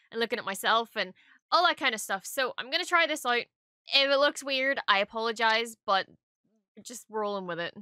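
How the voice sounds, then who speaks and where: A young adult woman giving casual reaction commentary at her home streaming desk, excitable and gushing, swearing freely. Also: a little high, smooth, no echo, studio quality.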